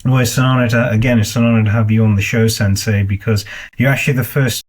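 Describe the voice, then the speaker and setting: A man's voice: on the low side, fairly even intonation, quick pace. A man hosting an interview, speaking earnestly and heaping praise on his guest. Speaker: host. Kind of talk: interview chat.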